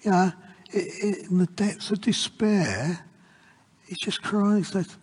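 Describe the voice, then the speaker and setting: A man giving an informal Bible reflection in an earnest, halting way. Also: high voice, breathy edge, in a large hall.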